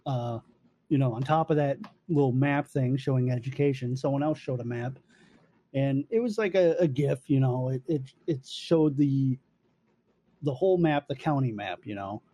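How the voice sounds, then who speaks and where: A man's voice: mid-range voice, warm tone, husky. A man rambling casually in a podcast chat, loose and profane.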